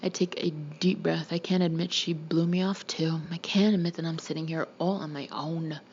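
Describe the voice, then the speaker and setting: A woman's voice: deep voice, steady tone, moderate pace, darkish tone, highs cut off, slight background noise. A woman reading a first-person audiobook chapter, voicing the characters lightly. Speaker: audiobook reader. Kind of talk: audiobook narration with character voices.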